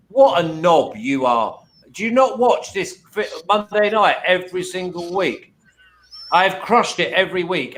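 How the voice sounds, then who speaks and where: A man's voice: a little high, fairly bright tone. A man with an English accent giving blunt, profane banter on a live betting show.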